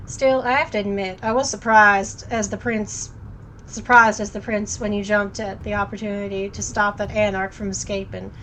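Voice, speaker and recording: A woman voicing a stern, dutiful male vampire sheriff in a game read-through, speaking in a clipped, measured way. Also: mid-range voice, little pitch movement, a bit bright, slight background noise, natural voice, rough recording.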